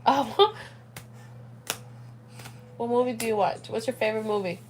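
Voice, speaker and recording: A woman's voice: on the high side, measured pace, a little hiss or hum. Chatty young woman livestreaming from home. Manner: chatty, animated, slangy, addresses viewers as girl and dude. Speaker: livestream host. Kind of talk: casual livestream chat. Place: home at night with a toddler.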